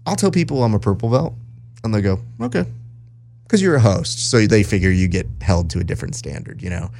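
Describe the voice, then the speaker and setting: Casting: low-voiced guy from southern california, easygoing host who animates his anecdotes. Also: brisk. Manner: animated storyteller, acts out quotes. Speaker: podcast host and jiu-jitsu broadcaster. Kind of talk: casual interview chat.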